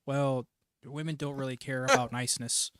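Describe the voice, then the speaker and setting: A man's voice: medium pitch, fairly even intonation, normal speed, a bit bright, clear, resonant tone, no room sound, studio quality. A man co-hosting a casual chat, blunt and given to stammering restarts. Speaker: podcast co-host.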